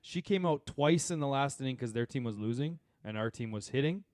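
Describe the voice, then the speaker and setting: Sex: man. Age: 30s-40s. Role: podcast co-host. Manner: animated, rambling storyteller. Sound: dry, close. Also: medium pitch, a little fast, no echo. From Saskatchewan, Canada. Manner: animated storyteller, rambling with many fillers and asides. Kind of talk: casual chat.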